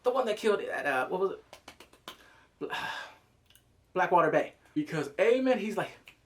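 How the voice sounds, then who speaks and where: A man reviewing a TV episode in excited casual commentary, cursing freely, breaking into loud exclamations and quick character impressions. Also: sits high. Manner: animated, profane, jumps into loud exclamations; mimics characters in quick asides.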